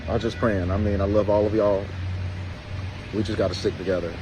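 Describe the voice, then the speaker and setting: A man recording an emotional video message, shaken and halting, repeating himself and close to tears. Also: fairly low pitch, flat delivery, music in the background, rough recording. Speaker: social media creator.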